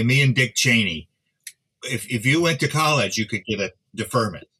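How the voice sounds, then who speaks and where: A man in his seventies, a guest instrument restorer, telling his story in a rambling, halting way. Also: on the low side, sharp tone. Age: 70s. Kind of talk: casual interview chat.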